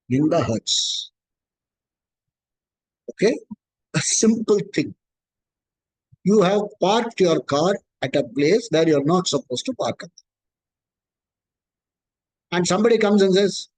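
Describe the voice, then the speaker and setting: A man's voice: high voice, darkish tone, slightly rough, rough recording. A man gives a scripture discourse as a spiritual teacher, explaining patiently and repeating key points.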